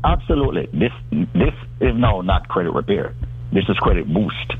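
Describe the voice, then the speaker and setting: This is a man making a persuasive, salesman-like pitch on the radio. His voice sits a little low and comes through a tinny phone line, with faint noise in the background. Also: very animated, normal speed. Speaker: guest.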